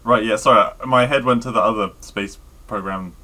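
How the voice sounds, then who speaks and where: British guy cohosting a podcast, bright punchy voice, a bit lowish, hesitant and jokey. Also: fairly even intonation, normal speed. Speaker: podcast co-host. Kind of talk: casual chat.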